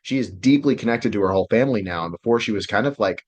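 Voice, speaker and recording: A man coaching relationships in a casual online class, loose and excitable, swearing freely. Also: fairly low pitch, rapid-fire. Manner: loose, profane and excitable, many fillers.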